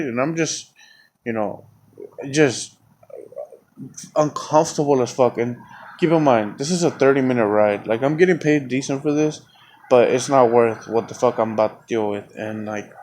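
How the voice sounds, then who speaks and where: A man's voice: medium pitch, a little mellow. Guy on his podcast ranting thru a story, cussing nonstop, faint hiss behind him. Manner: profane, rambling, heated. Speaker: podcast host. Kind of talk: casual storytelling.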